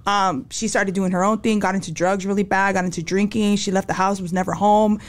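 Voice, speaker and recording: A woman's voice: mid-range voice, fairly even intonation, a little fast. A young adult woman telling her life story as a podcast guest, candid and slangy, acting out quotes. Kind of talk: casual storytelling interview.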